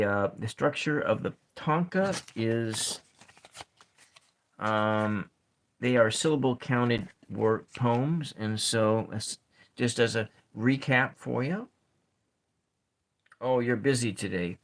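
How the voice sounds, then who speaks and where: A man hosting a soft-spoken ASMR poetry session, talking in a slow, halting way and counting syllables aloud. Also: medium pitch. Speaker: ASMR channel host.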